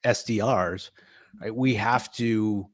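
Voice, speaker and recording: A middle-aged man co-hosting a podcast, telling stories in a relaxed, casual chat and laughing often. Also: lowish voice, slow, no room sound, studio quality. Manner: laughing storyteller. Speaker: podcast co-host.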